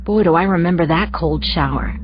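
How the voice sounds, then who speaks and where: A woman's voice: fairly low pitch, brisk, muffled recording, background noise. A woman narrating a first-person thriller audiobook in a tense, anxious storytelling manner.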